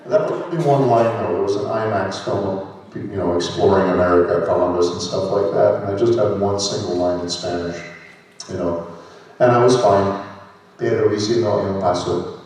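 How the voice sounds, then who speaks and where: A man in his sixties recounts his voice acting stories on a convention stage, animated and quick to joke about himself. His voice sits a little low and reaches the listener from a distance. The big hall rings with a long, echoing reverb. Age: 60s. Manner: lively anecdotal storytelling with self-mocking jokes. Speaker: voice actor guest on a convention panel. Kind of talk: convention panel Q&A storytelling. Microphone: handheld microphone. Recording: echoey hall, voice from far off.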